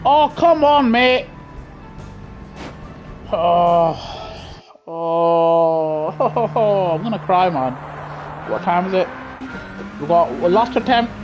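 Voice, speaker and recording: A man's voice: high voice, expressive, drawn-out words, pauses often, muffled recording, over music. Guy chatting while sim racing. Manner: chatty, reacts loudly to the race, jokes with viewers in slang. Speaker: live-streaming sim racing gamer. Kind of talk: casual live-stream chat while racing. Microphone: gaming headset.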